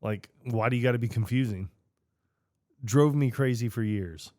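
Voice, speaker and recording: A man's voice: medium pitch, moderate pace, dark tone, no room sound. Laid-back male podcast co-host, dry sound. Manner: laid-back, laughing storyteller. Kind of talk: casual chat.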